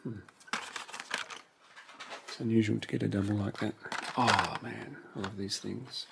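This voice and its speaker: Slow, gravelly-voiced man musing over a haul. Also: on the low side, fairly even intonation, very noisy. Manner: musing, talks to himself while sorting. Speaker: toy car collector. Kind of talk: relaxed unboxing commentary.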